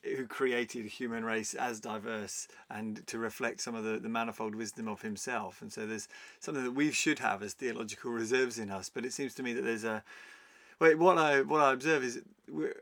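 Thoughtful pastor interviewing. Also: male voice, medium pitch, steady tone, a bit bright. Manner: thoughtful, measured. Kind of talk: reflective interview talk.

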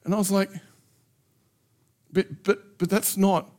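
A middle-aged pastor preaching a sermon with passion, acting out heartfelt prayers in changing voices. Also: male voice, high-pitched, little pitch movement, slow, a little mellow. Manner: impassioned, acts out prayers in shifting voices.

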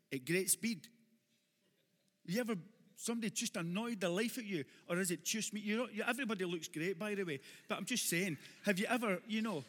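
A man with a Glaswegian accent preaching a sermon to a congregation, with humorous asides that build to shouted exhortation. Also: sits high, big-room sound. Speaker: pastor.

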